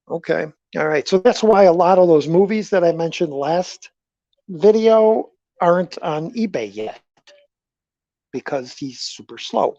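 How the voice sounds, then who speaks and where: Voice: medium pitch, expressive, measured pace, warm tone, no room sound, lo-fi sound. A live-stream host chatting in a rambling way with viewers in the chat, often stammering and repeating words while talking about selling a movie collection. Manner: talks directly to viewers in the chat.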